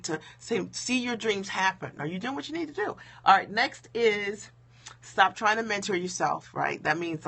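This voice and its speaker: A woman business coach talking to viewers on a live stream, emphatic and conversational, checking in with "okay?" and "right?", a bit low-key because it is late. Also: vocal fry, fairly bright tone, breathy edge. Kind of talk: motivational live stream talk.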